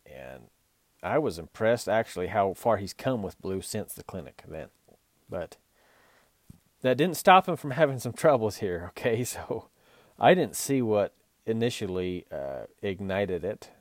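Low-voiced man coaching riders. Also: sing-song, measured pace, dry recording. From Utah. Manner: earnest, coaching, many restarts. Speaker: podcast host and horse and mule trainer. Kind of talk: casual podcast talk.

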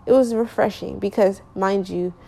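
A young woman telling a personal story in a loose, rambling way, full of slang and fillers, often circling back to correct herself. She sounds a little sleepy, yawning now and then. Her voice sits at a middle pitch. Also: fairly even intonation, moderate pace, vocal fry, mellow. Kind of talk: casual storytelling.

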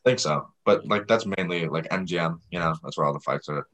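A man's voice: sits low, quick pace, a bit bright. A teenage boy hosting a podcast, chatting loosely with friends, swearing often and laughing easily. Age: teens. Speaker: podcast host. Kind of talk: casual chat with friends.

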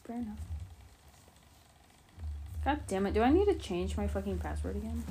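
A woman's voice: mid-range voice, lively intonation, moderate pace, warm tone. A woman co-hosting a casual podcast chat at her home computer, exasperated, swearing often and mocking herself. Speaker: podcast co-host. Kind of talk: casual chat while gaming.

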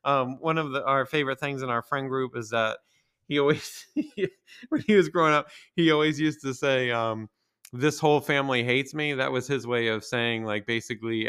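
A man's voice: mid-range voice, normal speed, a bit bright, smooth. A man hosting a casual solo podcast, rambling and sarcastic, swearing freely. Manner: profane, rambling and sarcastic, with mocking put-on voices. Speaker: podcast host.

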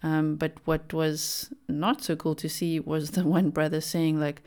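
Young woman chatting on her podcast, lowish mellow smooth voice, says like a lot. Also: little pitch movement, a little slow, hardly any pauses. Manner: chatty, opinionated, many "like" fillers. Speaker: podcast host. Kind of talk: casual solo commentary.

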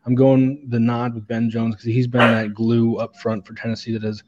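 A male sports podcast co-host with a medium-pitched, fairly flat voice speaks at a moderate pace, recorded with the highs cut off and background noise. He casually breaks down players analytically, hesitating with lots of fillers and repeated words.

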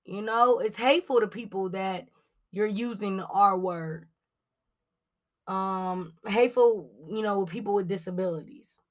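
A woman's voice: medium pitch, a little slow. A woman from Cleveland hosting a celebrity gossip podcast, chatty and casual, filling her talk with "like" and "um". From Cleveland, Ohio. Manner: chatty, lots of "like" and "um", animated asides.

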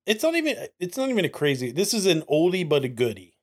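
A man co-hosting a casual podcast, animated, often repeating lines for laughs. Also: sits high, fast talker. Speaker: podcast co-host.

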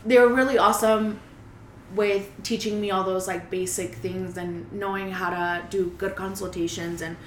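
A loud, lively young woman, speaking in casual chat and switching between English and Spanish. Her voice sits at a middle pitch. The room is echoey, with faint noise behind her. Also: normal speed. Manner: loud, animated storytelling, mixing English and Spanish.

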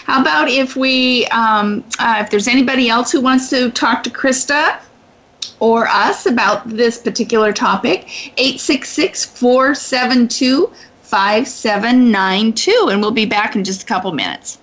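A woman's voice: fairly high pitch, unhurried, a bit bright, dull audio. A woman hosting a talk radio show, chatting and leading into a break. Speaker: radio host.

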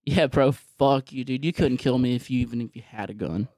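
A man's voice: mid-range voice, a little fast, a little mellow, no room sound. A young man co-hosting a podcast, bantering casually, swearing and laughing often. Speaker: podcast co-host.

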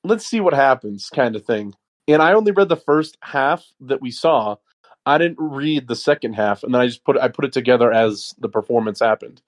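A man in casual podcast chat who explains things loosely and often starts over mid-sentence. His pitch is ordinary for a man. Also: lively intonation, normal speed. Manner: rambling, restarts often. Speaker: podcast co-host.

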